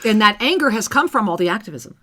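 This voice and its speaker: A woman's voice: mid-range voice, expressive, quick pace, sharp tone. A woman co-hosting a spiritual talk radio conversation, speaking in an emphatic, teacherly way. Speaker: co-host.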